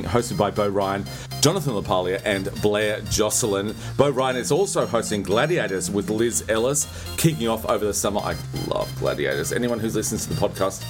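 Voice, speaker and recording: A man with an Australian accent hosting a casual podcast, gushing and enthusiastic. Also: fairly low pitch. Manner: enthusiastic, gushing, says "bloody". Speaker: podcast host.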